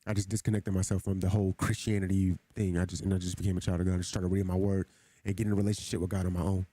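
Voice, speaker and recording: A man's voice: low voice, little pitch movement, very fast, mellow, no room sound. Guy on stream preaching to chat, says stuff twice, dry close desk mic. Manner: earnest, preachy, repeats himself. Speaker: gaming streamer. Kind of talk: casual livestream talk to chat.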